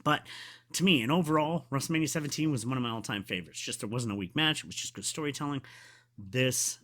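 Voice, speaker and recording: A man reviewing a wrestling event in a casual, excitable, rambling way, with many fillers, sometimes going soft and quiet. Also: mid-range voice, quick pace. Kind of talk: casual solo video review.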